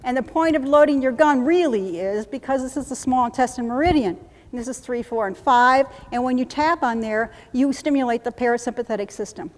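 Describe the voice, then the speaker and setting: A woman trainer runs a live workshop demonstration, her voice sitting a little high. She coaches briskly and repeats short phrases in a steady rhythm. The sound carries the long reverb of a conference hall. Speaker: trainer teaching combat medics. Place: conference room.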